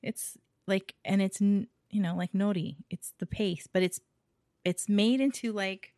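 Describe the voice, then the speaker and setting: A podcast co-host from Hawaii chats casually, talking freely, laughing often and trailing off with fillers. Her mid-range voice is steady and a little mellow at a measured pace, recorded in studio quality with no room sound.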